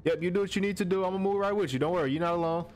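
A gaming streamer, a young man with a high voice, rattles off rapid-fire commentary on a horror playthrough. He addresses the game character directly, sounding animated, jumpy and slangy.

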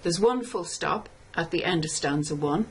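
A woman lecturer giving a scripted tutorial, explaining step by step in a measured way and reading lines of verse slowly. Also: on the low side, expressive, a little hiss or hum, poor audio. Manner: measured, explanatory, reads poem aloud slowly. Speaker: literature lecturer.

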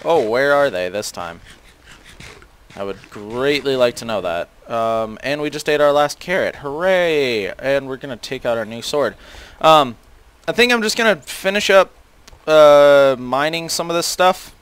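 A man's voice: mid-range voice, a little slow, fairly bright tone, clean tone. A teenage boy casually commentating a video game, rambling with many fillers and self-deprecating asides. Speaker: gaming channel host.

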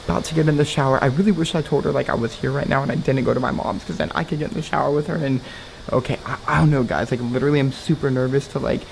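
A young man talking straight to his viewers in a hushed vlog, often dropping to a whisper, recorded indoors in a house. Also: mid-range voice, racing, vocal fry, slight background noise, rough recording. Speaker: vlogger.

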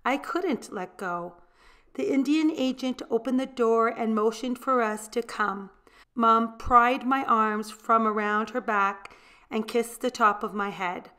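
A woman reading a picture book aloud, gentle storytelling that gives voice to the characters. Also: fairly high pitch, takes it slowly. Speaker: storybook reader.

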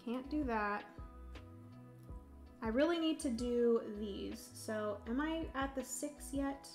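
A young woman on a livestream talks casually while playing a solo board game, giggling often and stopping with ums to explain the rules. Her voice sits somewhat high. Soft music runs faintly behind her. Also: takes it slowly. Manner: chatty and giggly, reads chat aloud, explains rules with many ums. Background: faint background music.

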